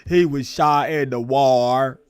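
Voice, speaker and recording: A man putting on a slow, simple-spoken Southern man who drawls out a sad war story, much louder than his usual talk. The voice sits a bit back from the mic in a dry space. It is a comic impression, full of crude jokes. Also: mid-range voice, fairly even intonation, smooth, dry recording, natural voice. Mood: mournful. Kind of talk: comic impersonation on a live stream.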